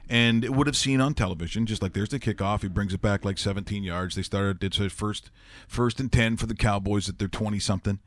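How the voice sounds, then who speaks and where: A man's voice: lowish voice, a little fast, dry recording. Rambling, joking sports show host man. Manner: rambling, joking, animated storytelling. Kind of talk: casual sports banter.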